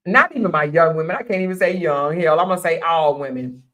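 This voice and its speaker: Here the older woman running the live stream talks quickly in a low, somewhat bright voice. She's Southern, outspoken, and sermonizing, laughing a lot as she airs her opinions.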